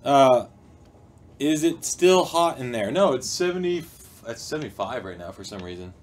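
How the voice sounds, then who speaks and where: A man's voice: medium pitch, expressive, moderate pace. Rambling playful male stream host. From United States. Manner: playful, rambling, reads chat aloud. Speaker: livestream host. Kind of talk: casual livestream chat. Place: indoor studio room.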